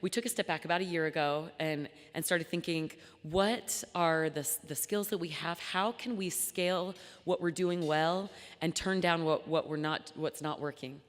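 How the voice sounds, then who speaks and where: A woman's voice: low voice, moderate pace, hardly any pauses. A young woman founder giving an earnest, chatty talk to a luncheon audience, full of ums and restarts. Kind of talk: speech to a live audience. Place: large banquet hall. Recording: long hall reverb.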